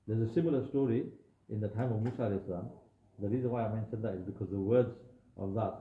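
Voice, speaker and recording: A man's voice: on the low side, quick pace, reverberant, phone-quality sound, a little hiss or hum. A young man preaching a sermon, telling a story dramatically with frequent asides to his audience.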